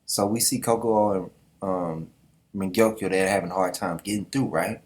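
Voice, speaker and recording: A man's voice: deep voice, moderate pace, a little mellow. Slangy man reacting to a manga. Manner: slangy, laughing asides, loose commentary.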